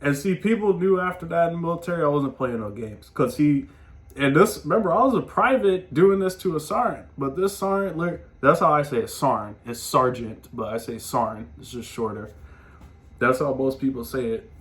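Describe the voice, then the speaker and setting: Speaking a little fast in a fairly high voice, this podcast host spins stories and advice on his own show. The monologue is animated and loose, packed with slang, cursing, and lots of "man" thrown in.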